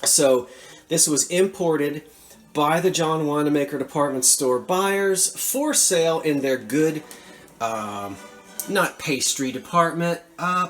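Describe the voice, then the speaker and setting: Enthusiastic man showing antiques. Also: on the high side. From Philadelphia area. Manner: animated, enthusiastic, chatty asides. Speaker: antiques seller showing a thrift haul. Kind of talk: casual show-and-tell vlog.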